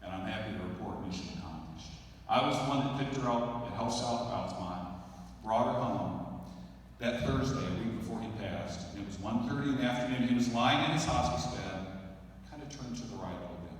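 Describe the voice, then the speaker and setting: A middle-aged man delivering a eulogy for his father, speaking slowly and reflectively with long pauses. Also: medium pitch, expressive, distant mic. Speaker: son giving a eulogy. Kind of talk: eulogy speech. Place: large church sanctuary. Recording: echoey church hall, heard from afar.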